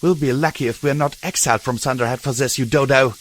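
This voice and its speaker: A man's voice: medium pitch, fairly even intonation, fast, pitched above the performer's own voice, close to an everyday voice. A man doing a scornful, bitter mare soldier. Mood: scornful, hostile. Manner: hissing, scornful. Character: hostile older mare soldier, proud and bitter.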